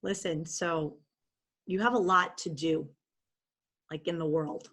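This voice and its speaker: A woman voicing her own divine higher self, a soft female presence that speaks in a gentle, reassuring and tender way. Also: fairly even intonation, slow pace, full character voice.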